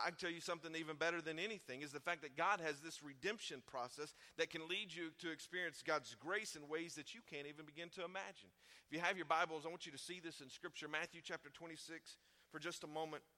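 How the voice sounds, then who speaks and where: A man preaching a sermon in a church, talking to the congregation in a conversational way that swings from loud emphasis to hushed tones. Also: a little high, fairly even intonation, quick pace. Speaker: pastor.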